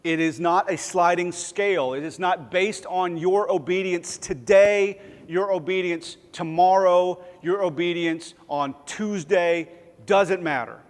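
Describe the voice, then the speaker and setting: Speaking a little slowly in a high voice, the man delivers his sermon from a church sanctuary with a spacious, roomy sound. He keeps it conversational, pokes fun at himself, and sometimes acts out small voices.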